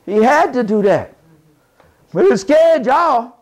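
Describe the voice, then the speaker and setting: A man giving an impassioned lecture to a live audience, speaking in a folksy, colloquial way and rising to shouted emphasis like a preacher. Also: extremely high pitch, very animated, slow. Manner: folksy, colloquial, with double negatives.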